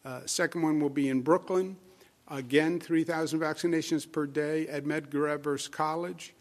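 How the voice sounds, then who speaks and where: A man's voice: on the high side, steady tone, moderate pace. A man with a Queens New York accent, a state official giving a press briefing statement with emphatic repetition and frequent filler sounds.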